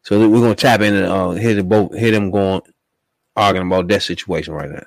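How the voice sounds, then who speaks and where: A man's voice: low-pitched, steady tone, brisk, vocal fry, no echo. A man hosting, introducing a clip and reacting in disbelief with casual commentary. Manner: incredulous, laughing. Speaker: host.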